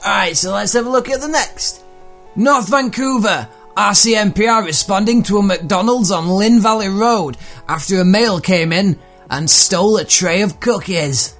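A man hosts a comedy podcast and riffs on odd news items in an irreverent, profane way. His voice sits fairly high for a man. Faint music plays under him. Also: normal speed, fairly bright tone. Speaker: podcast host. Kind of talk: comedic monologue reading tweets.

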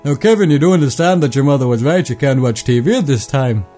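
A man's voice: high-pitched, sing-song, moderate pace, a little mellow, breathy edge, faint music behind, heavily acted. A man voicing an overly polite male Canadian police officer who talks sternly but courteously and calls everyone son. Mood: coaxing.

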